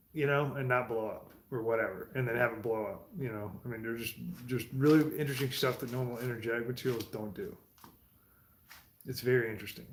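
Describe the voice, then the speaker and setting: A man talking casually in a rambling, profane monologue from his home garage, with laughing asides. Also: medium pitch. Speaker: streamer. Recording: roomy echo.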